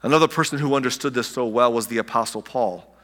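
Guy preaching, bright voice, kinda chatty, drops real quiet on some words, big hall echo. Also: medium pitch, quick pace. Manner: conversational preaching with restarts and soft dramatic drops. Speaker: pastor. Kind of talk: sermon.

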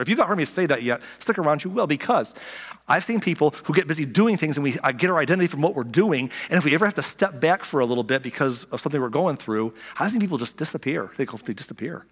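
A middle-aged man preaching a sermon as a pastor, animated, acting out voices and dropping to soft near-whispers for emphasis. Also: a little high, long reverb tail.

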